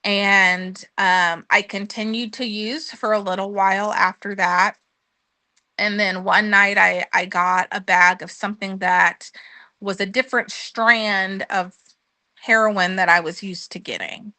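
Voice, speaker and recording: Bright-voiced woman telling her testimony. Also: medium pitch, steady tone, measured pace, no room sound. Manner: earnest storytelling with frequent ums, acting out her own past words. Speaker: guest sharing her testimony. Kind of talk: conversational testimony.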